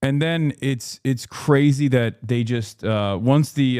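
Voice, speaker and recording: A man's voice: mid-range voice, darkish tone, clear, resonant tone, no echo, clean studio sound. Exasperated American man ranting on stream. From United States. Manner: rapid run-on talk with many fillers and restarts. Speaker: live streamer. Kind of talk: reacting live on a stream.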